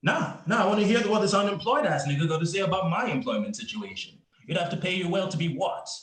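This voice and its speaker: A man's voice: fairly low pitch, big pitch swings, fairly quick. A man reading the part of a sarcastic, combative young police officer in a play reading over a video call. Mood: confrontational. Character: young male cop, sarcastic and proud. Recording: roomy echo on the voice.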